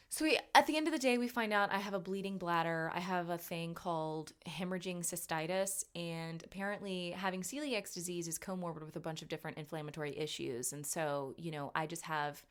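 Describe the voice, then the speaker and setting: Animated, jokey woman telling a story. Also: fairly low pitch, fairly quick. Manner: animated, jokey, self-mocking, swings up for punchlines. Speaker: podcast host. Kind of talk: casual comic storytelling.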